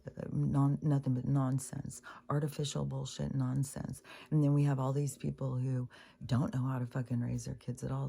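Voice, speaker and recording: A woman's voice: rumbling low, creaky, mellow, husky. A middle-aged woman talking in a rambling, profane, exasperated monologue about society. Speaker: spiritual vlogger. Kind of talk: casual monologue.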